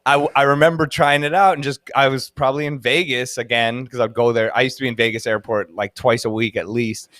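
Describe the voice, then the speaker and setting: A man's voice: mid-range voice, steady tone, fast talker, hardly any pauses, a bit bright, dry recording. Dj dude in his 30s rambling thru a story, laughs a lot, dry close sound. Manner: rambling, laughs often, many fillers. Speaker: guest DJ. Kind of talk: casual storytelling.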